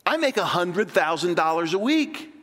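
A man voicing a calm, unbothered rich man relaxing against a palm tree. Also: high-pitched, moderate pace, long reverb tail, pitched above the performer's own voice. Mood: smug calm. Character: calm, smug rich man lounging at ease.

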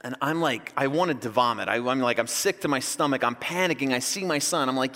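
A man in his thirties preaching a sermon to his church, telling a story with lively, acted-out shouts. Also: medium pitch, a little fast, few pauses. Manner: storytelling, animated, acts out yelling. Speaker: pastor. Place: church hall. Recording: long hall reverb.

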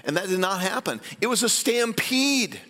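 Man, pastor, sermon, high bright voice, long reverb of a church sanctuary. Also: normal speed. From Iowa, US. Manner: storytelling preacher, animated asides to the congregation.

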